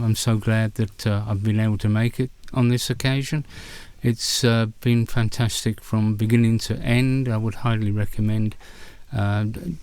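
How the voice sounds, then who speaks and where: An Australian man on a tour giving an earnest, halting recommendation. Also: on the low side, darkish tone, clear, resonant tone, no room sound. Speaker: tour guest.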